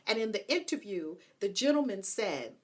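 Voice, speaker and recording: Woman vlog host, playful and chatty, pitch swings widely, laughs easily. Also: moderate pace. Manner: playful, animated, laughs often, chatty asides. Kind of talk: casual talk to camera.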